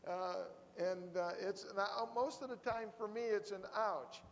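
High-voiced preacher in a reverberant hall. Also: male voice, unhurried, hardly any pauses. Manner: animated storytelling with put-on voices and laughs. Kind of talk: sermon.

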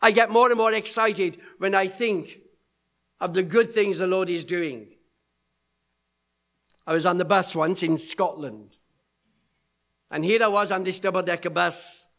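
Middle-aged guy preaching, high gravelly voice, tells stories and does the voices. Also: measured pace, pauses often. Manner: animated storyteller acting out quoted voices. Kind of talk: sermon storytelling.

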